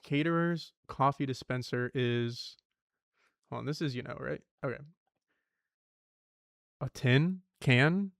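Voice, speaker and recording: A man's voice: medium pitch, slow pace, creaky, long pauses, no echo, clean studio sound. A young man streaming himself solving word puzzles, thinking aloud, swearing and muttering clues to himself.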